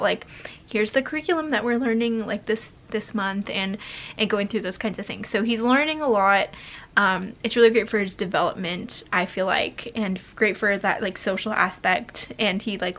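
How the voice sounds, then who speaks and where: A woman's voice: medium pitch, a bit bright. A young woman vlogging a candid life update as a mom, talking in a rambling way full of fillers and restarts, emotional and close to tears at times.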